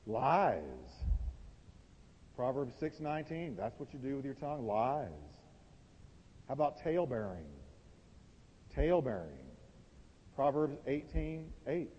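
A man preaching a sermon from the pulpit, emphatic, swinging between loud and quiet lines. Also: medium pitch, expressive, unhurried, long pauses, husky. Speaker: pastor. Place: warm church sanctuary. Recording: dull, reverberant church recording.

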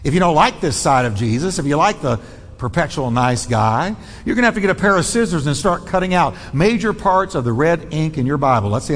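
A man's voice: on the high side, sing-song, brisk. A man, preaching a bold, emphatic sermon as pastor and shifting his pace between lines. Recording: long reverb of a large hall.

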